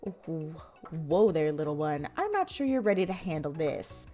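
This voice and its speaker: A smug, arrogant male bully student, pitched a little lower and teasing, as a woman plays him. The delivery still bounces around a lot. It rides over faint game music. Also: sing-song, moderate pace, dark tone.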